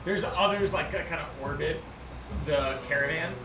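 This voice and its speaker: A man's voice: fairly high pitch, normal speed, roomy sound, recorded from a distance, background noise. A man narrating a tabletop game as game master, rambling and swearing freely.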